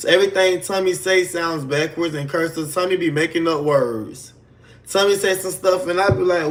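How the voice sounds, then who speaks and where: A man's voice: on the high side, normal speed, fairly bright tone. A man on a casual livestream, trash-talking a rival with mocking, sing-song insults.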